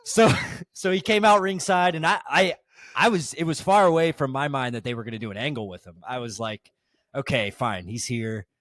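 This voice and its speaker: A man's voice: a little high, brisk, fairly bright tone, no room sound. Give me a man chatting on a podcast, telling a rambling story with lots of fillers, recorded dry. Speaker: podcast guest. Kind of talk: casual podcast chat.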